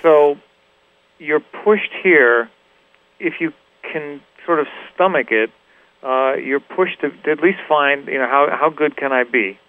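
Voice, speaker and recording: A man from Los Angeles, a musician guest, reflecting in a halting way with frequent restarts and "you know". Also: fairly high pitch. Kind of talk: reflective interview talk. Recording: tinny phone-like radio recording.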